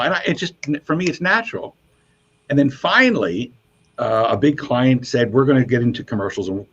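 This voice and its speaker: A man, a radio DJ and guest, telling animated stories in a casual interview and jumping up in pitch when he quotes people. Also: a little fast, husky. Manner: animated storyteller, voices quotes with high pitch jumps. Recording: muffled lo-fi sound.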